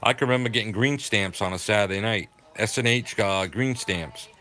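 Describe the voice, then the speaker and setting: An older man from southeastern Massachusetts with a local accent, casually chatting with viewers on a livestream in a rambling, halting way. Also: fairly low pitch, pushed and bright, soft background music. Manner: rambling, halting, full of fillers. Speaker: livestream host. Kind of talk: casual chat reading viewer comments.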